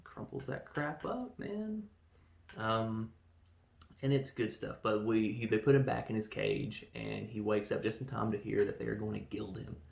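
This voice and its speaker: A man hosting a casual film review, excitable and rambling, acting out scenes in quick voices. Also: fairly low pitch, gravelly, roomy sound. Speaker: podcast host reviewing a film.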